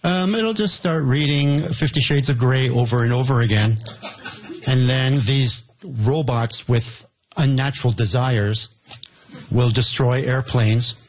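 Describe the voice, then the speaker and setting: A man on a comedy panel, giving deadpan, absurd answers in improvised banter. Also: medium pitch, a little slow, a little hiss or hum.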